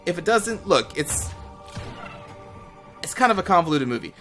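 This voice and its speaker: A young man with a slightly high voice chats loosely over a game he is playing. He rambles, restarts his sentences, and drops the odd swear word. Faint music plays behind him. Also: sing-song, normal speed, fairly bright tone. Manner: rambling, chatty, with fillers and casual swearing. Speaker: gaming channel host. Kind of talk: casual commentary over gameplay.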